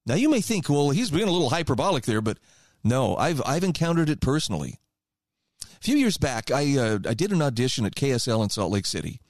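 A male radio talk show host delivers opinion commentary with a lively, rising-and-falling voice of middling pitch. He talks in a conversational, emphatic way and often reads passages aloud. The sound is close and dry. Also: dry recording.

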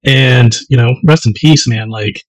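A man tells stories in relaxed, easygoing podcast chat over drinks, often tossing in "man." His voice sits in a middle range, and the recording is dry and close. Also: medium pitch, fairly quick, dry recording, rough recording. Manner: relaxed storyteller, laid-back, says "man" a lot. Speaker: podcast co-host. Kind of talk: casual chat over whiskey.

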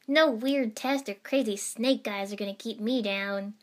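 A brash young boy ninja who yells and brags at high pitch and full volume, as a woman reading a story puts him on. He sounds excitable and boisterous, an audiobook character. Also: a little slow, close to an everyday voice. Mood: cheery. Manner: brash, shouting, boastful.

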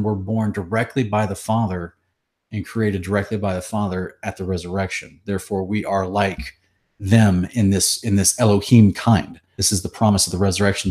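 This is a man with a fairly low voice, teaching scripture in a relaxed conversation. He is earnest and reels off chapter and verse citations quickly. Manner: earnest, quotes verses rapidly with chapter numbers. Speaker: Bible teacher.

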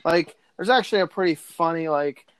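A man's voice: a little high, a little fast, crowd noise. A man in casual chat, rambling with many likes and ums. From Pittsburgh area.

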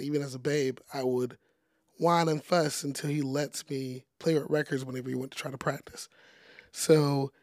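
Relaxed young man, chatty and dry. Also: a little high, dry recording. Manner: relaxed, chatty, heavy use of "like" and "you know". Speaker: podcast guest, DJ. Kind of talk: casual interview conversation.

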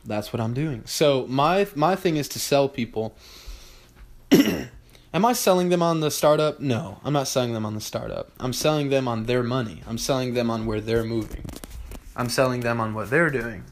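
A man hosting a solo podcast, talking bluntly and with profanity, repeating his points and often clearing his throat. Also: mid-range voice, normal speed. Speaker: podcast host.

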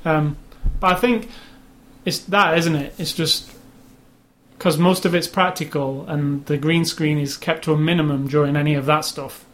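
A man talks loosely on a podcast, his voice sitting a little high for a man. He rambles along with plenty of likes and ums. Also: steady tone, moderate pace, fairly bright tone. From England. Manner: chatty, rambling, with frequent fillers. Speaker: podcast co-host. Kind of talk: casual chat.

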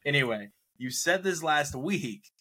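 A man's voice: on the high side, animated, a little slow, bright, forceful tone, breathy edge. A man co-hosting a sports talk show, debating skeptically and teasing his co-host, laughing often.

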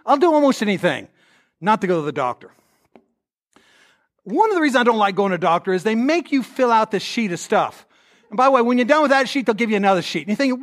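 A middle-aged man preaching a conversational sermon, telling stories and acting out quotes in a lively way. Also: high-pitched, quick pace. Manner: storytelling, animated, acts out quotes.

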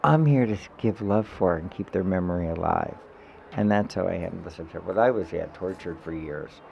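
A man telling an emotional personal story in a podcast chat, animated and swearing freely. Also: low voice, a little fast, gravelly. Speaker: guest. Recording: dull, slightly noisy podcast audio.

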